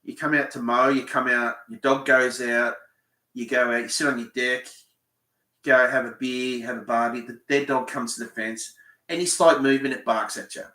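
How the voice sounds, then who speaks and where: A man's voice: medium pitch, steady tone, moderate pace, pushed and bright, roomy sound. An Australian man hosting a live Q&A, rambling and swearing as he tells a story bluntly. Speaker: fishing channel host. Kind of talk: live Q&A chat.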